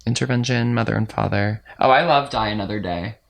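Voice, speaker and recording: A man's voice: lowish voice, fairly quick, creaky. A man from the American Midwest, a podcast guest, joking playfully in casual chat.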